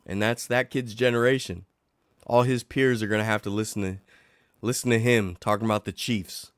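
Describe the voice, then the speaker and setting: Middle-aged man, low voice, sick and coughing, sarcastic rant, livestream host, dry close mic. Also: moderate pace, clean tone, dry recording. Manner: animated, sarcastic, worked up. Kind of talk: casual ranting chat.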